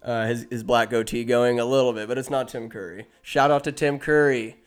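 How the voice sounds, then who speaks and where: Man host, rambling comic recapper, smooth mid-pitched voice. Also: steady tone, brisk, soft background music. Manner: rambling, jokey asides, self-interrupting.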